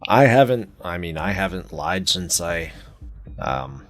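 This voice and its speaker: A man playing in a casual tabletop role-play game, wry and deliberate. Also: deep voice, animated. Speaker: player.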